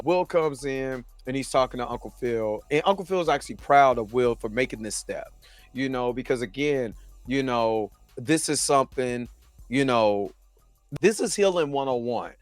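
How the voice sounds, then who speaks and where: A man's voice: mid-range voice, no echo. A man hosting a show, recapping a TV episode in a casual, conversational way and often asking "you know what I mean". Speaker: show host reviewing a TV episode.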